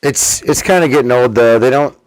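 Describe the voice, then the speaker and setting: A man hosts a stream with casual gameplay commentary, talking in a rambling, offhand way and swearing casually. His voice is mid-range and a little fast.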